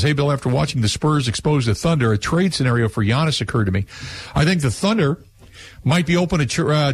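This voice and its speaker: A man's voice: mid-range voice, slightly rough. A man hosting a call-in sports radio show, talking casually and rambling with fillers and restarts. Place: radio studio.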